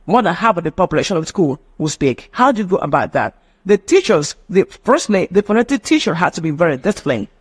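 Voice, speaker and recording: A man with a noticeably high voice and a Nigerian English accent leads a live online phonetics lesson. He lectures and explains, repeating key words as he goes. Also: sing-song, fast, breathy edge. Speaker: phonetics teacher.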